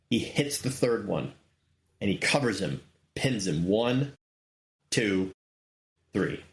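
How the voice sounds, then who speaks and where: A man in his forties hosting his own show, telling a story in a casual monologue with excited, animated bursts. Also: medium pitch. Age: 40s. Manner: excited, animated retelling with sudden loud bursts. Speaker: podcast host.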